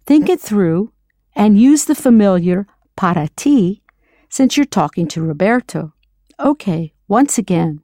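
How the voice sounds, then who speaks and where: Woman, language teacher, scripted lesson, patient, spells out words, animated pitch, dry sound. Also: unhurried, no room sound.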